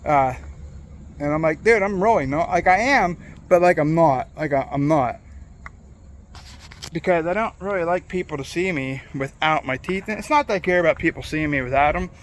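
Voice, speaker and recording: A man's voice: a little high, normal speed, slight background noise. A middle-aged man with a faint lisp from his dentures, talking casually and rambling to camera, swearing freely. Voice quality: slight lisp from loose dentures. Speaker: vlogger.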